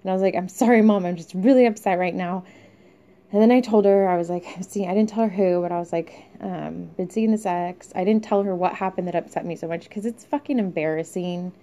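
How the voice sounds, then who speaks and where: A woman's voice: on the low side, fairly quick, hardly any pauses, mellow. A young woman hosting a podcast, talking candidly in a rambling, confessional way with fillers and small laughs. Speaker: podcast host. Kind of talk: casual confessional monologue. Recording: dull lo-fi sound.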